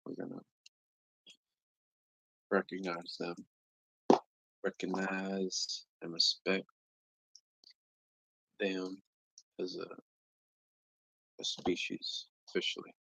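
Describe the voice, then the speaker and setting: An American man chatting casually on a live stream, rambling and joking with long pauses. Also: monotone, sharp tone, dry recording. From United States. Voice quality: slow, low, gravelly voice. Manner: rambling, jokey, drawn-out phrasing with long pauses. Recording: dull, lo-fi, dry stream audio.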